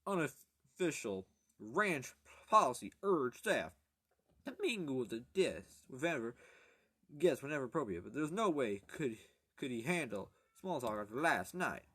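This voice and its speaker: A man's voice: mid-range voice, sing-song, fairly bright tone, husky, dry recording, clean studio sound. A man reading an audiobook aloud in a casual, rambling way, stumbling, correcting himself and breaking off for crude jokes. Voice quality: jokey, crude asides and halting self-corrections. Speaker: amateur audiobook reader.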